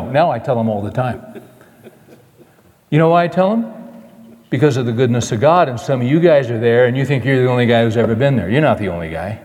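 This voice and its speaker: An older man preaching a sermon, telling a personal story, acting out his past voice and dropping soft and low at the end. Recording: long reverb of a large hall.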